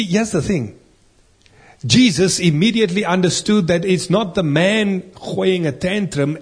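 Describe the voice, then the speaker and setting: A man preaching with a husky, slightly raised voice. He reads scripture and presses his points with earnest rhetorical questions and emphatic repetition. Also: sits high. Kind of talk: sermon with scripture reading.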